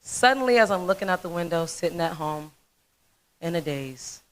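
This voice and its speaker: A woman in her thirties giving a humorous storytelling speech at a festival, animated and chatty with asides. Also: fairly low pitch, normal speed, rough recording. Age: 30s. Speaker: speaker at a dental festival talent show.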